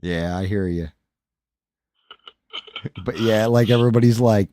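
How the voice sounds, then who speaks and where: A man's voice: lowish voice, normal speed, warm tone, dry recording. A man hosting a live stream, chatting casually and rambling to viewers with frequent profanity, into a microphone. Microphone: studio microphone.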